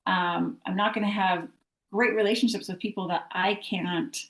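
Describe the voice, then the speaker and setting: A woman's voice: medium pitch, steady tone, normal speed. A woman guest in casual chat, talking earnestly and persuasively with rhetorical questions. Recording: roomy echo.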